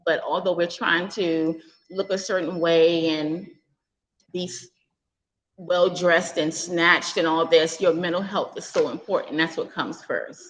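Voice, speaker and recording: Female guest, lowish voice, earnest and halting, heard over a video call. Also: fairly even intonation, low-quality recording. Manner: earnest, halting, holding back tears. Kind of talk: casual heartfelt sharing.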